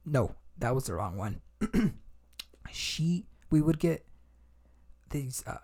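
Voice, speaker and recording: A man's voice: a little high, sing-song, slow, darkish tone. A young man hosting a podcast, telling a story in casual chat with lots of fillers, restarts and swearing. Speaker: podcast host.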